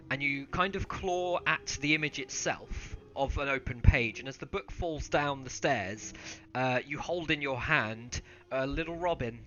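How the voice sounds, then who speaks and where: Brief: male game master, bright voice, hesitant um-filled narration, slightly muffled audio. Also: medium pitch. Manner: relaxed, hesitant, many ums and uhs.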